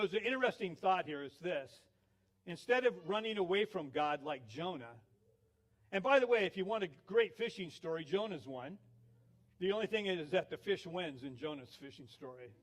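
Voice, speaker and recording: A male pastor giving a sermon, telling stories with acted quotes. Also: high-pitched. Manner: storytelling with laughs, acted quotes.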